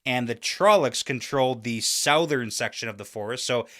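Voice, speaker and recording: A man co-hosting a podcast, talking through a book chapter in a relaxed way with many "like" fillers. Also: medium pitch, normal speed. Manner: explains plot step by step, many "like" fillers. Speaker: podcast co-host. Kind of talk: casual book discussion.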